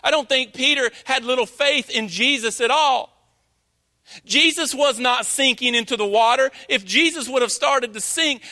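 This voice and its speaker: Guy preaching in church, really high bright voice, slow drawn out delivery. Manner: preaching with slow dramatic emphasis, acting out quoted dialogue. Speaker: pastor. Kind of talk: sermon. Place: church sanctuary.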